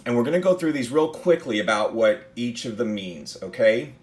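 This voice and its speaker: A man's voice: mid-range voice, expressive, normal speed. A man teaching a class on speech delivery, talking in a loose, conversational way and asking the listener rhetorical questions. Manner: conversational, with many fillers and restarts. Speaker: instructor. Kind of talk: recorded lecture on speech delivery.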